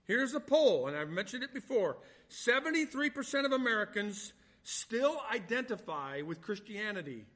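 A man preaching a sermon, reading scripture slowly and swinging between loud, stressed points and quiet asides. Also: sits high, big pitch swings. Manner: reads scripture slowly and deliberately. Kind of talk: sermon, Bible teaching.

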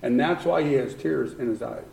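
A man's voice: mid-range voice, moderate pace, vocal fry, a little mellow. A man preaching a sermon in a conversational way, acting out what people in the text might say. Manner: conversational preaching, acts out voices with laughs. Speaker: pastor. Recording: roomy echo.

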